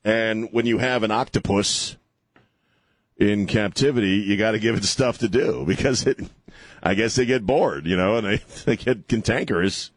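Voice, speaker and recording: A man's voice: on the low side, normal speed, slightly rough, no echo. A man hosting a radio talk show, rambling and sarcastic, chuckling as he riffs. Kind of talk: casual talk radio banter. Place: radio studio. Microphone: studio microphone.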